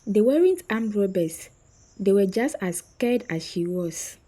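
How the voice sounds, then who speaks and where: Slow, husky woman telling a story. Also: mid-range voice, animated, mellow, rough recording. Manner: slow, suspenseful delivery with dramatic pauses. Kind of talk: scripted story narration.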